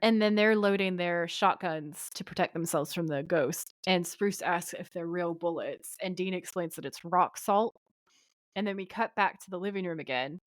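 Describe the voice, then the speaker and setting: A woman with a fairly low voice co-hosts a podcast, speaking at normal speed in clean studio sound with no echo. She casually recaps an episode, animatedly acting out the characters' lines as she goes.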